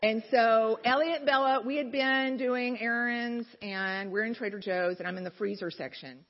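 Her voice sits on the high side, fairly even in intonation and at a normal speed, as she gives mothers in a large hall an encouraging faith-based talk full of candid stories and asides. The recording is dull and lo-fi, with the hall's reverb audible.

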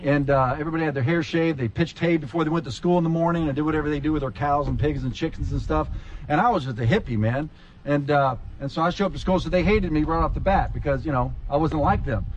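Man, pastor, sermon, higher voice, animated storyteller, faint background noise. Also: fast talker, highs cut off. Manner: animated storyteller, acts out scenes with big pitch jumps.

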